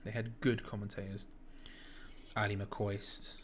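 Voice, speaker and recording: A man's voice: on the low side, little pitch movement, measured pace, a little hiss or hum. A man co-hosting a casual live football watch-along, trading wry, jokey banter. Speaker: co-host of a match watch-along. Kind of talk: casual live match chat.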